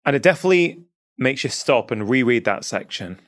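A man hosting an interview conversation, asking reflective questions in a halting way and often repeating words. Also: medium pitch, animated, a bit bright, dry recording, studio quality. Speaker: podcast host.

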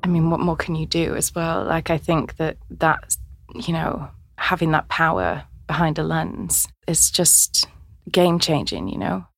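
Low, gravelly woman interviewer. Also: a little slow, no echo, clean studio sound, faint music behind. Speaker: interviewer host. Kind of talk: casual interview chat.

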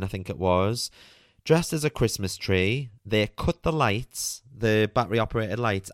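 A man's voice: fairly low pitch, no room sound, clean studio sound. A man hosting a podcast, telling a personal story in a chatty, candid way full of "like" and the odd swear. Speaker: podcast host.

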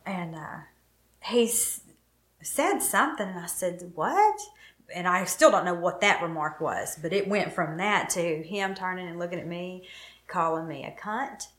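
A middle-aged woman with a fairly low voice tells a painful personal story with feeling. She brings it to life by acting out what each person said. Her voice carries a roomy echo. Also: fairly bright tone. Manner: emotional, vivid retelling with quoted dialogue. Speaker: guest telling her story.

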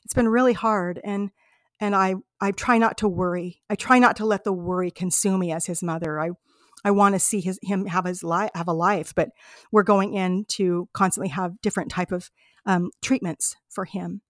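A woman's voice: fairly low pitch, fairly even intonation, moderate pace, no room sound, clean studio sound. A woman hosting a podcast, telling personal travel stories in an earnest, heartfelt, reflective way. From United States. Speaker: podcast host. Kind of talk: personal storytelling monologue.

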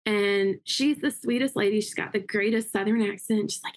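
Interview guest: woman, upbeat quick storyteller, mid pitch. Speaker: interview guest, realtor and investor. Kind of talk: casual interview talk.

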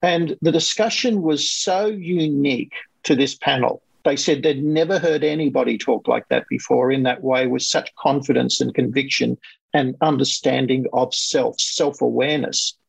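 A man coaching guest telling a client's success story in a lively, conversational way, acting out other people's lines as he goes. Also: mid-range voice, normal speed, vocal fry, slightly rough, no room sound, poor audio. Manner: animated, quotes others in lively voices.

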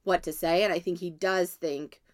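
A woman in her thirties tells a family story in a relaxed, chatty way and laughs easily. Her voice sits on the low side, and it is recorded dry and close with little room sound. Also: normal speed, dry recording. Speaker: podcast co-host. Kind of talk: casual chat.

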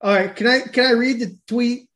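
A man's voice: very high-pitched, fairly even intonation, normal speed, fairly bright tone. A man with a speech impediment co-hosting a casual chat, blunt and swearing freely. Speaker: podcast co-host.

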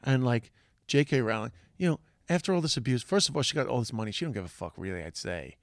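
A man holds forth in a loose, profanity-laced monologue, tripping over restarts as he builds his points. His voice has a gravelly, fry-edged texture. The sound is close and dry, with no room around it. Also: mid-range voice, expressive, fast, dry recording. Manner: heavy swearing, rambling restarts, impassioned. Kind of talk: casual opinion monologue.

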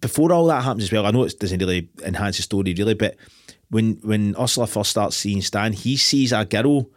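Fast-talking Scottish man, low voice. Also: no echo, clean studio sound. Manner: swearing, animated retelling of scenes. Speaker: podcast host. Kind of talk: casual film chat.

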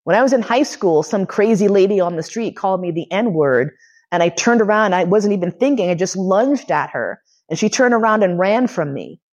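Low-voiced woman telling blunt stories. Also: darkish tone. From United States. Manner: candid, profane, emotionally charged. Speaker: lecturer and podcast host. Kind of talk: personal storytelling lecture.

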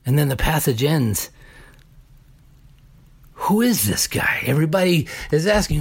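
A man preaching a sermon deliberately, building emphasis through repeated phrases. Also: a little high. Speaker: pastor.

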